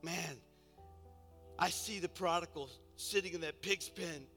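A man preaching a sermon, exhorting with repetition and swinging from hushed, quiet passages to loud emphatic ones. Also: high voice, normal speed. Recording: reverberant hall with faint music.

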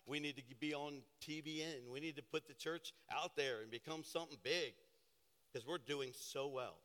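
A pastor preaching a sermon, building to impassioned, shouted declarations in a church sanctuary. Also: male voice, a little high, moderate pace. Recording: reverberant church hall with piano.

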